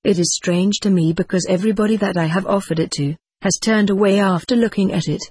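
A woman's voice: mid-range voice, fairly quick, dark tone, husky, dry recording, natural voice. A woman reading the part of an evasive male spirit, a dead stock seller, in a brusque, guarded way.

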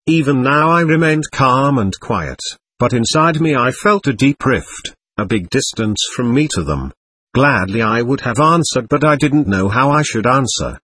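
A man reading a first-person memoir aloud in a plain, measured storytelling manner. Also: medium pitch, animated, a bit bright, slightly rough, dry recording.

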